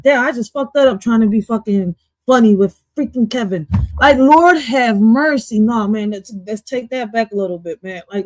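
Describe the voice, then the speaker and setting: A woman streamer talks over a clip in a loud, swearing, restless way, hopping from joke to aside. Her voice sits a little higher than most women's. It's picked up close on a desk mic in a dead-dry space. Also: no room sound, low-quality recording. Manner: loud, jumpy and swearing, jumping between jokes and asides. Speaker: livestream host reacting to an interview clip. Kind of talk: casual profane reaction commentary.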